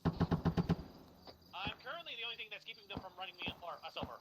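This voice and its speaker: A man calls out enemy contacts to his squad in quick, excited bursts. His voice is high and swings widely in pitch. Heavy game gunfire rattles behind him. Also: background noise. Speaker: squad member. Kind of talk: live gameplay squad radio chatter.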